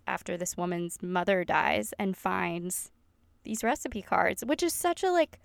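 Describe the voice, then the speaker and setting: A woman's voice: mid-range voice, sing-song, a little slow, vocal fry, no echo. A woman with a Southern American accent co-hosting a podcast, chatting in a gushing, friendly way and reading listener emails aloud. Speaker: podcast co-host. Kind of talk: casual chat.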